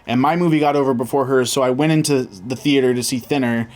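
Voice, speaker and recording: Relaxed man with a mid-range voice. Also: medium pitch, fast talker. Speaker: podcast co-host. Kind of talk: casual chat reviewing movies.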